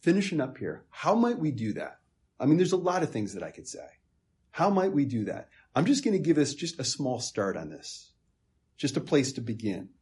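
Guy preaching a sermon, kinda husky voice, punches words then drops soft, repeats himself a lot. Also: mid-range voice, wildly swooping pitch, moderate pace. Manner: emphatic, repeats words, shifts between loud stress and soft asides.

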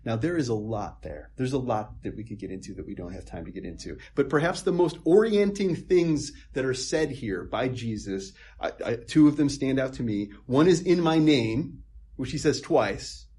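A man preaching a sermon, emphatic, with repeated words, moving between strong stress and quiet asides. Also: mid-range voice, expressive, normal speed, hardly any pauses, husky.

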